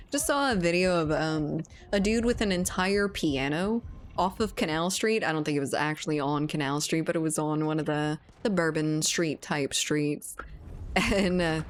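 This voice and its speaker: A woman's voice: lowish voice, a little hiss or hum. A woman from Louisiana streaming, casually chatting with her viewers, laughing often and swearing now and then. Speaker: livestreamer reading chat. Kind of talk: casual chat.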